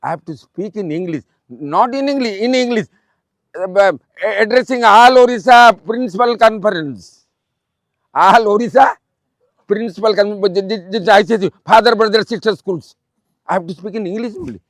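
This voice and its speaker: A man in his eighties with an Odia accent, a retired principal giving a fatherly, repetitive motivational speech to students, pausing often with um. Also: high-pitched, dry recording. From Odisha, India. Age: 80s.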